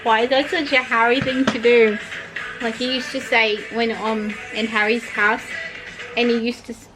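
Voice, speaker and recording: With pop music in the background, a young vlogger chats casually about an album, emotional and gushing about its songs. Her slightly high voice has a flat delivery at normal speed, and the recording is rough.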